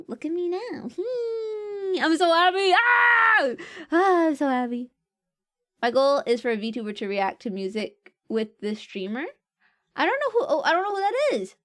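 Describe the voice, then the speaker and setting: High-voiced playful young woman streamer. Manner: playful, jokey, laughs often. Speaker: VTuber streamer. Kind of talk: casual chat reading viewer comments.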